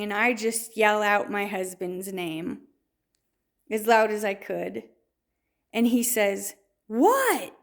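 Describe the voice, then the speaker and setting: A woman telling a personal faith story in a storytelling way, with many restarts and fillers. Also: mid-range voice. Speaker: testimony speaker.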